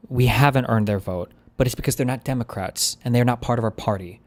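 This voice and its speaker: A man's voice: medium pitch, expressive, fairly quick. Exasperated man reacting to a podcast. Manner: exasperated, blunt, sighing. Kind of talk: reaction commentary.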